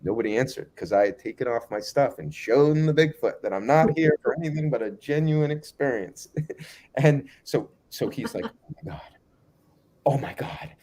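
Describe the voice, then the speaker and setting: A man telling a long anecdote as a guest in a casual interview, animated and acting out other people's lines. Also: mid-range voice, normal speed. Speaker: guest storyteller.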